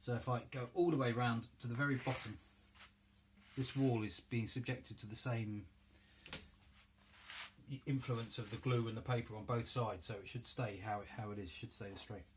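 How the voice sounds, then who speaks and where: A man's voice: medium pitch, steady tone, moderate pace, noisy background. Chatty North London man crafting. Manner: chatty, thinking aloud while working. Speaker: crafting video host. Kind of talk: casual hands-on tutorial. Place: home workroom.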